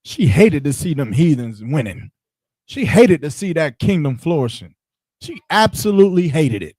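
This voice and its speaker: A man's voice: on the high side, big pitch swings, normal speed, a little mellow, husky, dry recording. A man teaching scripture in short punchy lines, asking rhetorical questions and directing a reader between verses. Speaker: Bible teacher. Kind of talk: street-style scripture teaching.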